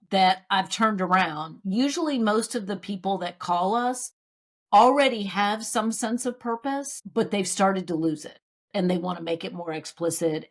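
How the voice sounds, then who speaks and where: A middle-aged woman, an author and consultant, telling stories in a casual podcast interview and acting out what people said. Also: medium pitch. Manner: lively storyteller who acts out what people said. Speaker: guest, author and sales consultant.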